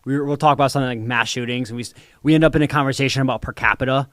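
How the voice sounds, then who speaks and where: A man's voice: medium pitch, fairly even intonation, rapid-fire, a bit bright, dry recording, clean studio sound. A young man co-hosting a podcast, speaking casually and thoughtfully, with frequent fillers as he works through ideas. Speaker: podcast co-host. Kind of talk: casual chat.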